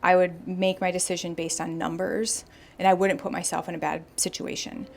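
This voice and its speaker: A young woman hosting a podcast, retelling a listener's story in a casual, animated way and acting out the people in it. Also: on the low side, moderate pace, creaky. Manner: animated, acts out quoted voices. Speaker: podcast host.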